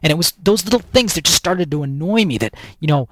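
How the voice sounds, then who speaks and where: An American man, a professional speaker, telling a lively story as an interview guest and often repeating words as he restarts. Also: fairly high pitch, fast talker, background noise. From United States.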